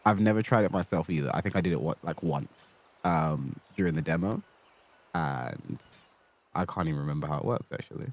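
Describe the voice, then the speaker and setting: A man's voice: extremely low pitch, a little fast. A man coaching a player over a voice call, easygoing and hesitant, with many fillers. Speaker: fighting game coach.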